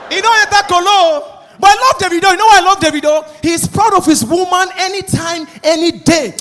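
A man with a Nigerian accent doing a lively stand-up routine, acting out the voices of the people he mocks. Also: very high-pitched, fairly quick. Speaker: stand-up comedian. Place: live stage.

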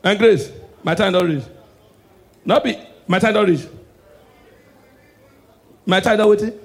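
A Nigerian man performing a stand-up comedy set, mixing Pidgin into his stories and swinging from soft asides to shouted punchlines. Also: high-pitched, gravelly.

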